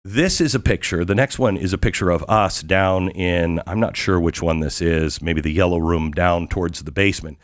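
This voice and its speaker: A fairly low-voiced man hosting a talk show, telling a story in a monologue. He is eager and excitable, leans hard on his key words and fires off rhetorical questions. He sounds like he is speaking in a studio. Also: normal speed, few pauses. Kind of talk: monologue recounting a visit.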